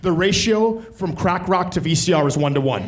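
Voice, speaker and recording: A man's voice: high voice, brisk, background noise. A man doing stand-up comedy, telling a long story and acting out the people in it. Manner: animated, acts out characters.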